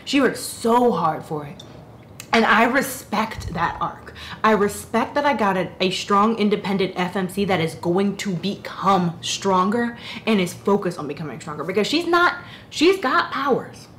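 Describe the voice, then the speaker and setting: An animated young woman chatting about books in a rambling, self-interrupting way. Her pitch sits mid-range, and there is a faint hiss under her voice. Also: moderate pace. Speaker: book reviewer. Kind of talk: casual chat.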